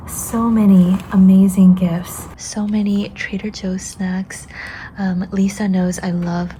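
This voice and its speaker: A woman vlogging in a casual, soft half-whisper, tired and a little hoarse, thanking viewers and friends. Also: fairly low pitch, background noise. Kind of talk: casual vlog talk to camera.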